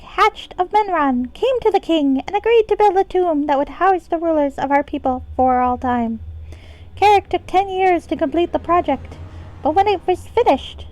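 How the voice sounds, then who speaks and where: A woman's voice: very high-pitched, darkish tone, dry recording, pitched above the performer's own voice, rough recording. A woman voicing a tiny female pixie who reads out old lore in a chirpy storybook manner. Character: tiny high-pitched female pixie narrator.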